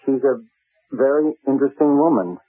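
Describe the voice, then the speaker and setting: A man's voice: medium pitch, expressive, normal speed, lightly acted. A man playing a nervous, stammering American spy. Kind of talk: 1970s radio drama acting. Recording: narrow, phone-like old radio broadcast.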